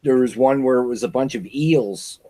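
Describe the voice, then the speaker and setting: A man's voice: medium pitch, moderate pace, dark tone. A man hosting a casual livestream chat, laid-back and teasing as he reads viewer comments. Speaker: host reading viewer chat.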